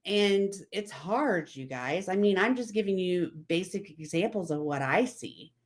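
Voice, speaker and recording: A woman's voice: fairly low pitch, animated, a little slow. A woman hosting a casual motivational talk, chatting and repeating herself as she quotes other people. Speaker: vlog host.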